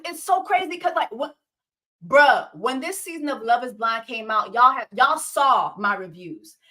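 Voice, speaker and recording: A woman hosting a casual livestream of reality-TV commentary, ranting in an animated, profane and incredulous way. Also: on the high side. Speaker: host.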